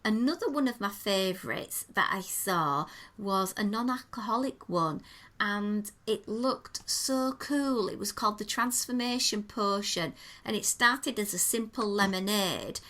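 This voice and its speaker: A woman tells a podcast co-host all about a restaurant visit. Her voice is bright and forward, and she talks in an easy, enthusiastic way, painting each detail as she goes. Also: mid-range voice, unhurried. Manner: chatty, descriptive, enthusiastic storytelling. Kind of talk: casual chat, restaurant review.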